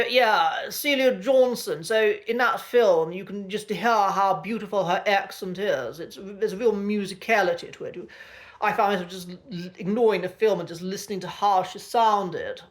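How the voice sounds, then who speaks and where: A British man with a posh English accent talks through a casual lesson in a thoughtful, unhurried way. He pauses often with ums and uhs and restarts his sentences as he gathers his thoughts. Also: high voice. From Britain. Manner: thoughtful, many fillers and restarts. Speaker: accent coach.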